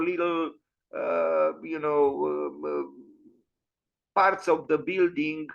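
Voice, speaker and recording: A man hosting an online architecture lecture, pausing often with fillers and restarts. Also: on the high side, fairly bright tone. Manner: hesitant, many fillers and restarts. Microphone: video call. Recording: dull lo-fi online audio.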